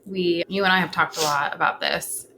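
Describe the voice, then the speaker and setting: A woman hosting a podcast, chatting in a supportive, affirming way with frequent soft agreement. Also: on the low side, steady tone, normal speed, a little hiss or hum. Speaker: podcast host. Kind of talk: supportive interview chat.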